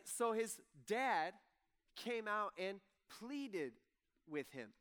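A man's voice: high voice, very animated, extremely slow, fairly bright tone, smooth. A man preaching a sermon in a casual, conversational way, acting out the people he quotes. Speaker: pastor. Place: church hall with audience.

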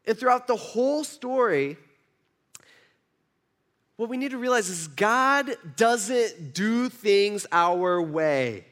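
A man preaching a sermon, telling a Bible story in an animated way and acting out the characters. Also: takes it slowly. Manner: animated storytelling, voices biblical figures with rising pitch. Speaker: pastor.

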